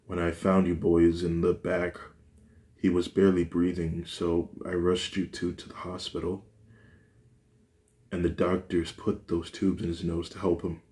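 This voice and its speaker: A man voicing a gentle mother who softly soothes her son, in a fan-made storybook reading, in his own deep voice. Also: monotone, a little slow. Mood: soothing. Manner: soft and soothing.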